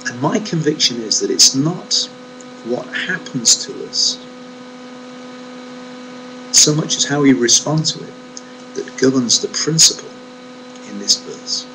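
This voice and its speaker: Male Bible teacher, animated emphatic delivery with rhetorical questions, recorded with a steady hum behind. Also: mid-range voice, a little slow, pauses often. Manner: emphatic, rhetorical questions, stresses key words. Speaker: Bible teacher giving a short devotional. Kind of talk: reflective devotional talk. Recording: steady mains hum under the voice.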